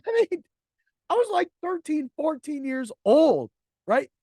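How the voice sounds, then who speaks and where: A man in his forties tells a personal story on his podcast, blunt and heavy on profanity. His pitch swings widely as he acts out other people's lines. The recording is dry and close, with no room sound. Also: very animated, unhurried, dark tone, no room sound. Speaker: podcast host.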